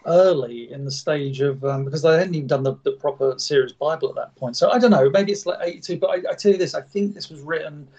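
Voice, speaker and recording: A man's voice: a little high, quick pace, hardly any pauses, a little mellow. Man with dull lo-fi sound. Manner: stumbling, self-deprecating, laughs at own slips. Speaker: podcast host reading an old script. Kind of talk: casual chat and reading aloud.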